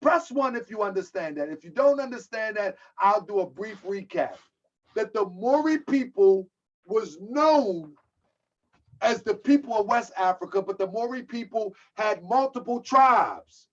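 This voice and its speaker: A man's voice: high voice, animated, a little slow. A man from the United States holds forth on a live stream in a casual, preachy lecture. He keeps repeating rhetorical questions and answers comments from the audience. The sound is dull and lo-fi. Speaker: host of a live-stream talk.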